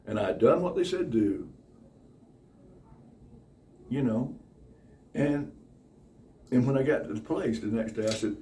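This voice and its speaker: A man tells rambling anecdotes in a lively, swooping voice, breaking into other people's lines. He swears freely. He sits a little back from the mic, with a faint hum of noise behind him. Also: a little slow, pauses often. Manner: animated, profane, acts out other people's voices with big pitch jumps and laughter. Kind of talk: casual anecdotal storytelling. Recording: slightly distant mic with faint room noise.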